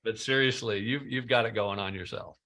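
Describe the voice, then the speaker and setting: A man's voice: lowish voice, a little fast, sharp tone. A middle-aged man, a guest on a podcast, telling his career story in a chatty, self-deprecating way. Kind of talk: casual interview chat.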